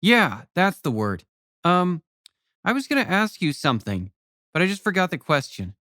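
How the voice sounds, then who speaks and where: An excitable little girl chatters away in a high, bright voice, put on by a man reading an audiobook. She is eager and breathless, and the sound is dry and close. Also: normal speed, no room sound, full character voice.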